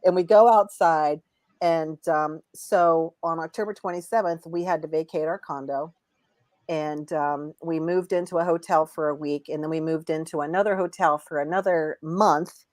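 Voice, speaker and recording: A woman's voice: low voice, fairly even intonation, moderate pace, darkish tone, no room sound, clean studio sound. A woman, an intuitive reader, talking as a guest in a casual live chat, rambling with many restarts.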